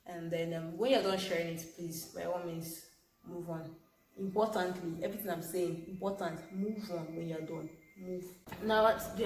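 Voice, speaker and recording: A young woman speaks to camera in a casual vlog, earnest and emphatic, repeating her points for weight. Her voice sits a little low. The room is echoey, with a faint hum of ambience behind her. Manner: earnest, repetitive, emphatic, with soft laughs. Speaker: vlogger.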